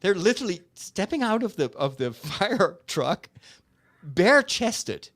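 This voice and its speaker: A priest hosting a casual chat, telling a story animatedly with laughs and restarts. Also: male voice, high-pitched, sing-song, a little slow, a bit bright, no echo, clean studio sound. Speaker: priest and host.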